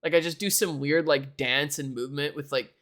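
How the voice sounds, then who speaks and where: A man's voice: a little high, steady tone, a little fast, fairly bright tone. Giggly young man streaming. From Canada. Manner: giggly, laughs often, rambling. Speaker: livestreamer. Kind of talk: casual live-stream chat.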